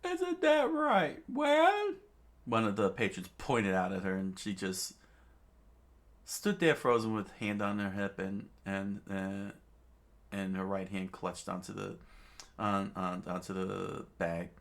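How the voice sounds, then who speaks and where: A man narrating a manga aloud, halting and restarting often. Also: low voice, fairly even intonation, gravelly, a bit bright. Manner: halting, many fillers and restarts. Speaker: reader, narrator. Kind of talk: unscripted manga read-aloud.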